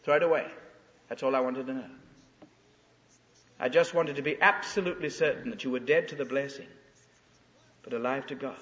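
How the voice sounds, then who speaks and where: Preacher doing god speaking soft and gentle but firm, bright voice, echoey hall. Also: male voice, mid-range voice, a little fast, pauses often, voice pushed down, natural voice. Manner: hushed, gentle authority. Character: God, quietly authoritative and tender. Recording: echoey hall, dull lo-fi sound.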